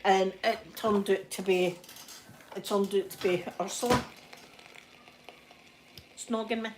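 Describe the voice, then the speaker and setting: A Scottish woman chatting in a soft ASMR style, telling stories with plenty of giggles. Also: mid-range voice, fairly even intonation, slow pace, background noise. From Scotland. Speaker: vlogger. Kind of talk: ASMR chat.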